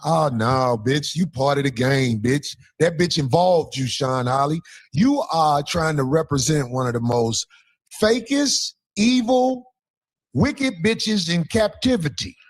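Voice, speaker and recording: A man giving heated casual commentary, ranting and mocking in a profane, animated way. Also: a little high, measured pace.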